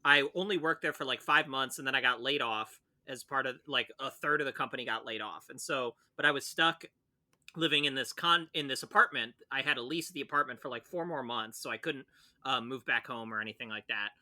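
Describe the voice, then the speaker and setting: A man in his forties, co-hosting a casual podcast, rambling through a memory in a relaxed way. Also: mid-range voice, fairly quick. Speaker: podcast co-host. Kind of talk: casual chat.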